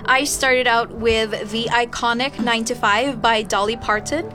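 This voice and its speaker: A woman's voice: fairly high pitch, fairly even intonation, unhurried. A young woman co-hosting a radio show, bubbly and laughing, her talk full of "like" fillers. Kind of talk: casual radio chat. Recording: music playing underneath.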